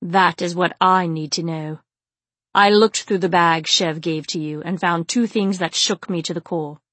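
A woman reading the part of a stern male djinn warrior, speaking quietly and grimly. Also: lowish voice, steady tone, a little slow, dry recording. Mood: earnest. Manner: quiet and grim. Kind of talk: audiobook character reading.

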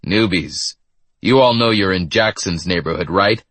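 A man's voice: low voice, measured pace, fairly bright tone, no echo. A man voicing a scarred, mocking male exterminator who threatens people in a gritty storybook. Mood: menacing. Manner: sneering, menacing.

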